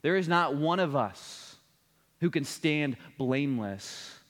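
A man preaches a sermon from the pulpit, his voice sitting a little high for a man. He tells a family story in an earnest way and builds toward a solemn appeal. The long reverb of a large church hall trails after his words. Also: lively intonation, takes it slowly.

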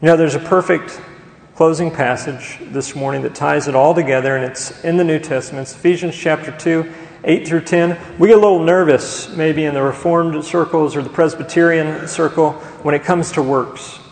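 Emphatic pastor preaching in an echoey church. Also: male voice, on the high side, steady tone, normal speed, gravelly. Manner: emphatic, asks the congregation questions. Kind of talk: sermon. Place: church sanctuary.

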